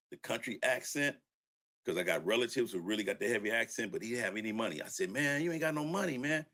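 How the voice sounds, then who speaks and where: Low-voiced older man telling studio stories. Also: fairly bright tone. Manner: laid-back storyteller who laughs and acts out quotes. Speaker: record producer guest. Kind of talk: storytelling interview.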